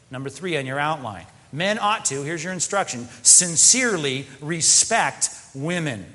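A man preaching a sermon as pastor, animated, often slipping into mock quoted voices. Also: on the high side. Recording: long hall reverb.

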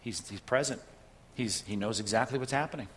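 A man's voice: mid-range voice, brisk, a bit bright, long reverb tail. A man preaching a sermon in a conversational way, often checking in with "right?" as he tells a story and makes his point. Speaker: pastor.

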